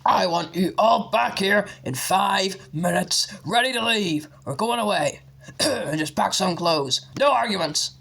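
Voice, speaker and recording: A man's voice: high-pitched, unhurried, vocal fry, pitched above the performer's own voice, full character voice. A man voicing a blustering, furious middle-aged uncle in an audiobook reading. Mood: agitated. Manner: shouting, agitated.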